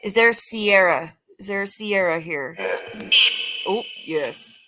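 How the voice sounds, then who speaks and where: A woman hosts a late-night paranormal stream with a bright, forceful voice. She calls out names, strains to catch replies and keeps checking in with her chat. A long reverb trails after her words. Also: medium pitch, lively intonation. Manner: halting, calling out names and straining to hear. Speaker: paranormal livestream host. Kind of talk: live spirit-box session talking to chat.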